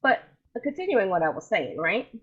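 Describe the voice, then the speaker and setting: A woman co-hosting a podcast, telling lively casual stories in slangy speech with a husky voice over a video call. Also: mid-range voice, normal speed, lo-fi sound. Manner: animated storyteller, colloquial, laughs easily. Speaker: podcast co-host. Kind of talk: casual chat.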